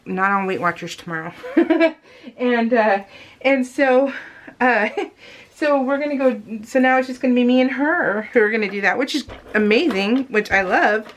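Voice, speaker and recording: A woman with a slightly raised pitch talks in a loose, rambling way, as if chatting with friends. She keeps addressing her viewers directly while she works through a scrapbooking page. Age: adult. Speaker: scrapbooking vlogger. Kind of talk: casual chat voiced over crafting.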